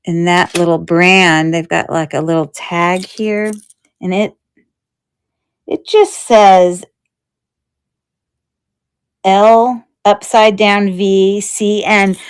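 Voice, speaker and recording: A woman with a smooth, clear voice hosts a live jewelry sale at an unhurried pace. Her talk is chatty and wandering, and she thinks aloud about each piece. The delivery stays casual and easygoing. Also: medium pitch. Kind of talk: casual live-stream selling chat.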